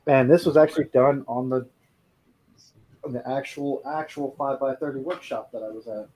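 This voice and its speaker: Male guest, mid-pitch, hesitant, restarts his sentences. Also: steady tone, moderate pace, warm tone, husky, low-quality recording. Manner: hesitant, careful not to offend. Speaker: guest woodworker. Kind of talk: casual chat.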